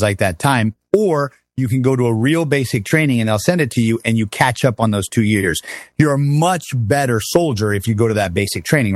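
Man in his fifties spinning war stories, voice jumps way up and down when he does other people, dry close mic, mid pitched. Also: no echo. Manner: animated, acts out quoted voices with big pitch swings. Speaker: guest, army veteran. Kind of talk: casual storytelling in a conversation.

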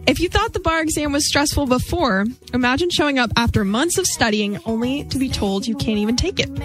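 A woman presenting a news segment on a casual talk show in a bright, conversational way. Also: on the high side.

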